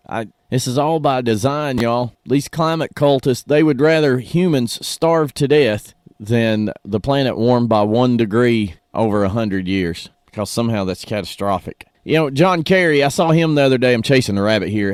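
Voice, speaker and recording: A man's voice: medium pitch, no echo. A man hosting a morning radio show, folksy and opinionated, talking from a studio. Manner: folksy, animated, opinionated, says "y'all".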